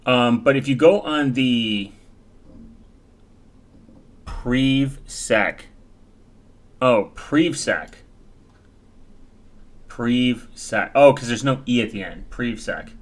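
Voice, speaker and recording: A man's voice: medium pitch, normal speed, few pauses. A man from the United States rambling casually while browsing, with many fillers and self-corrections.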